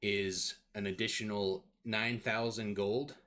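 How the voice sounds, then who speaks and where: A man's voice: lowish voice, little pitch movement, takes it slowly, a bit bright. A man narrating as game master in a casual way, laughing often and using many fillers.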